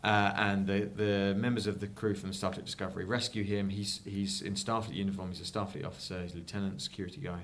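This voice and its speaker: A man's voice: sits low, level tone, fast, hardly any pauses, a bit bright. A man co-hosting a podcast, telling a story in casual chat with many fillers and restarts. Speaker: podcast co-host.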